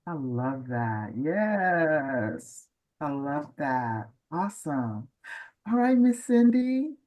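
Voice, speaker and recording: A woman's voice: deep voice, big pitch swings, lo-fi sound. A woman hosting a panel, affirming each speaker and calling on the next. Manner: affirming, slow, calls on speakers. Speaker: panel host.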